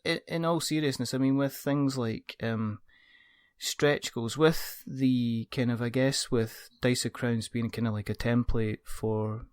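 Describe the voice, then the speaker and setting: A man's voice: medium pitch, steady tone, measured pace, clear, resonant tone. A podcast host with an ordinary mid-range voice. He keeps the chat loose, laughs a lot and spins silly scenarios before he gets to his questions. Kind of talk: casual interview chat.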